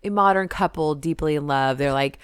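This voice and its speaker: A woman co-hosts a podcast in casual chat, with a smooth, clear voice on the lower side. She is wry and sarcastic and laughs often. The sound is close and dry. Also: moderate pace, dry recording. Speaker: podcast co-host.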